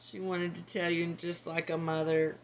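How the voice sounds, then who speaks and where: A woman's voice: lowish voice, level tone, moderate pace, slight background noise. A woman working as a psychic medium, relaying channeled messages in a hesitant, tentative way. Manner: hesitant, tentative, laughs between.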